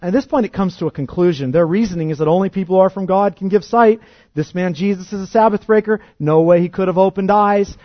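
A male pastor preaching a sermon, animated and shifting from loud emphasis to hushed intensity. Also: high voice, quick pace, dry recording, lo-fi sound.

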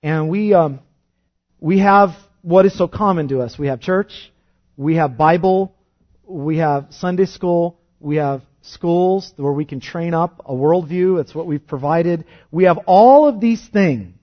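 A man preaching a sermon, rising loud and fervent when reading scripture and dropping to a soft, quiet tone when explaining it. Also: on the high side, measured pace, highs cut off. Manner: impassioned, swells loud on scripture then drops soft. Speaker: pastor.

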